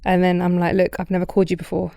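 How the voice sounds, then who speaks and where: Talking fast in a creaky voice that sits on the low side, a British woman hosts a podcast and shares her own story. The casual chat is candid and animated, with her acting out others' voices, and the recording is dry with clean studio sound.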